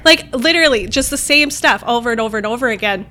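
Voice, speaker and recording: A woman co-hosting a casual podcast chat, talkative and quick to laugh, often trailing off and restarting. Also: a little high, animated, sharp tone, a little hiss or hum. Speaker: podcast co-host.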